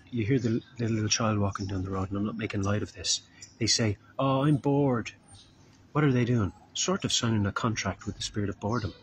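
A man giving an informal, earnest sermon as a street preacher, unhurried and drawing out his words, sometimes acting out the voices of people he quotes. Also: fairly low pitch, fairly bright tone, slight background noise.

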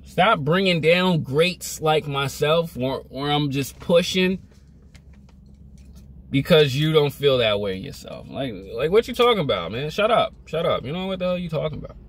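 A man's voice: a little high, big pitch swings, normal speed. A young man vlogging a motivational rant, emphatic, repetitive and scolding.

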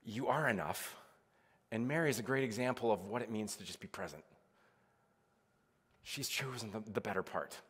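A man's voice: fairly low pitch, husky. A male pastor giving a casual, conversational sermon, full of "like"s and acted-out quotes. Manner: casual, chatty preaching with many "like"s and acted-out quotes. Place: church sanctuary. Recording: reverberant church sanctuary.

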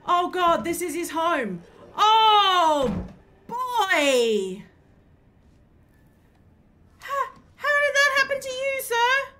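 A woman's voice: extremely high pitch, very animated, drawn-out words, long pauses, bright, forceful tone, a little hiss or hum. A woman streaming a horror game, jumpy and swearing, chatting to the game's characters. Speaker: gaming streamer. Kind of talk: live horror game commentary.

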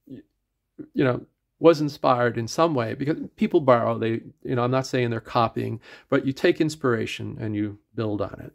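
A man's voice: mid-range voice, normal speed, creaky. A middle-aged man with an Atlantic Canadian accent, reviewing a pen in a casual, rambling way full of fillers and restarts, sometimes drifting from the mic.

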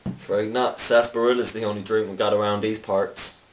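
Doing a put-on Southern drawl for an amateur comedy sketch, a man portrays a folksy, old-fashioned bartender who politely calls people "sir" and "son." His natural voice sits lowish, with a level tone and a fairly quick pace. The camera mic is distant, the room roomy, with faint noise.

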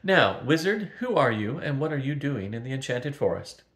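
A grandfather reading as a firm, dryly practical witch, in his own middle-pitched voice. The storybook reading carries a roomy echo. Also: big pitch swings, normal speed, a bit bright. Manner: dry and firm. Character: brisk, no-nonsense witch woman.

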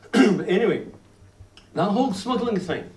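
A man's voice: sits high, a little slow. Scottish guy in his 50s telling stories to a crowd, lots of you-knows, sounds far off from the camera in a roomy space. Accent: Scottish (Glasgow). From Scotland (Glasgow). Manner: animated storyteller, lots of "you know", frequent restarts. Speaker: whisky writer giving a talk. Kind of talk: lively presentation to a live audience. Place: indoor venue at a tasting event. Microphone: filmed by a distant camera in the audience. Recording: roomy, distant camera audio, faint noise.

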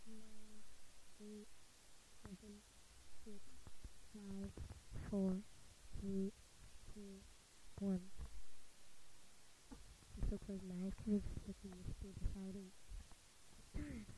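A woman giving casual gameplay commentary, excitable and gushing, often repeating her exclamations. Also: mid-range voice, slow pace, pauses often, background noise. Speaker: gaming video creator.

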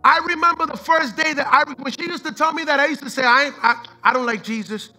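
A man's voice: extremely high pitch, fast, pushed and bright, faint music behind. A man preaching a sermon as pastor, fervent and repetitive, mixing in street slang and the odd line of Spanish.

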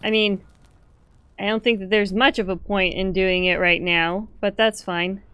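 A woman's voice: medium pitch, unhurried, smooth, no room sound. Playful woman gamer, dry close mic. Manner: playful, swears, breaks into excited squeals. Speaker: gamer playing a story game. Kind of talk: let's play commentary.

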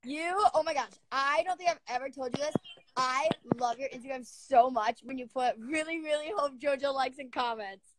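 A woman hosting a casual live stream from her bedroom, chatting with viewers in a bubbly, excitable way. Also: sits high, normal speed, noisy background. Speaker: livestream host. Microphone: laptop or phone live stream.

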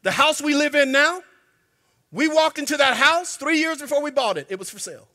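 A man preaching a sermon in a church, emphatic and colloquial, sometimes breaking into shouts. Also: very high-pitched, brisk. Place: church sanctuary. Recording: long hall reverb.

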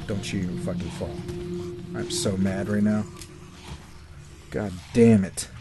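A man's voice: fairly low pitch, steady tone, slow pace, loud music behind the voice. A young man commentating a video game, ranting and swearing in exasperation as he plays. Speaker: let's play commentator. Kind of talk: frustrated gameplay commentary.

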